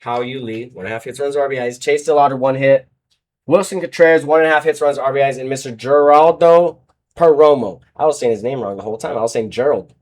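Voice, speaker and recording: Rambling through his sports betting picks, the host of this show corrects himself as he goes and mumbles between sudden loud bursts. His voice is medium in pitch and his pace is quick.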